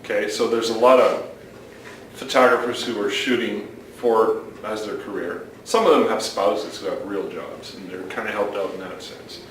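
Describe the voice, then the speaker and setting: A man's voice: lowish voice, fairly even intonation, normal speed, a little hiss or hum. Man lecturing with jokes, far off. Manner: joking, lecturing. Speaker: co-host. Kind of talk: casual podcast chat. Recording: echoey room from far off.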